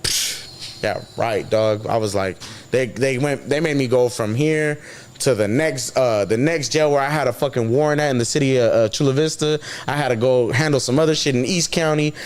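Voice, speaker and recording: A man's voice: medium pitch, normal speed. Slangy man telling a story. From San Diego. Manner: slangy, swears often, acts out quotes. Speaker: guest. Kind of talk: casual storytelling in an interview.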